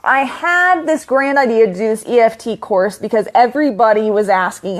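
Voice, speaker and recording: A woman's voice: on the high side, moderate pace, hardly any pauses. A young woman talks straight to her livestream viewers, loose and chatty, wandering through her thoughts with plenty of fillers. She swears freely and casually, like she's catching up with friends. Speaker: online business coach.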